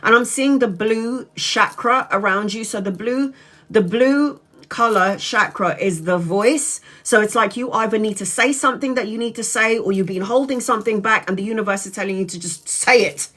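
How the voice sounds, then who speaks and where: A woman's voice: medium pitch, moderate pace, fairly bright tone. Frank, casually swearing tarot reader woman. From Brazil. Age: 40s. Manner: frank, swears casually, direct address to viewer. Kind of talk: live tarot reading.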